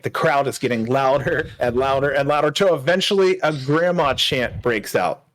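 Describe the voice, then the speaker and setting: Man co-host with a fairly high voice. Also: expressive, fairly bright tone. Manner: laughs often, brisk commentary. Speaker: podcast co-host. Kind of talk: casual podcast commentary.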